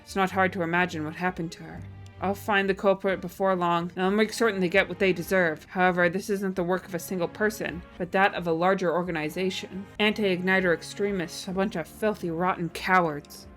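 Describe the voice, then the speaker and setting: A woman's voice: fairly low pitch, fairly even intonation, fairly quick, a bit bright, faint music behind, natural voice. A woman voicing a bitter, guarded woman in a video game, cold, clipped and weary as she grieves a lost dog. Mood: grieving.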